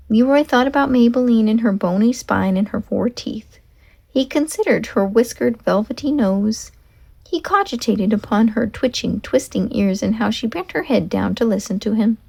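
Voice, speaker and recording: A woman reading a children's chapter book aloud with expressive, emphatic narration. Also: mid-range voice, unhurried, creaky. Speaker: storyteller.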